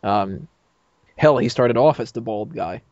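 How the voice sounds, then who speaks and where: A man's voice: medium pitch, animated, a little slow, a little mellow, a little hiss or hum. A man chatting casually on a roundtable podcast, rambling with lots of fillers and laughing often. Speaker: podcast panelist. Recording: dull lo-fi mic, dry.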